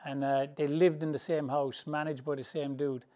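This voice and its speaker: A boxing trainer from England spins casual, rambling anecdotes with a slightly raised pitch. He talks loosely and colloquially and laughs easily through his stories. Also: flat delivery, normal speed, a little mellow. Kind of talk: storytelling interview answers.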